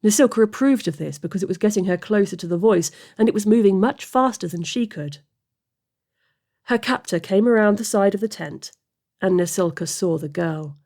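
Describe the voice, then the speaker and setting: A woman reading a fantasy story aloud as narrator, steady and expressive. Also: mid-range voice, moderate pace. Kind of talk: audiobook fiction reading.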